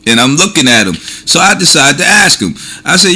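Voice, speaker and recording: A man's voice: on the high side, very animated, fairly quick, pushed and bright. An older man from New York City with a New York accent, giving an emphatic casual monologue full of street slang. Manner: emphatic, street slang, "you know what I'm saying" refrain. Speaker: vlogger.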